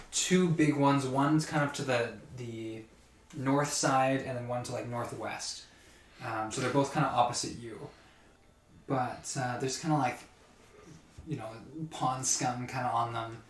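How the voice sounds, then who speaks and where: A man's voice: medium pitch, steady tone, measured pace, pauses often. A man narrating a tabletop game as game master, describing scenes in a loose, hesitant way with many fillers. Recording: roomy, distant mic with faint noise.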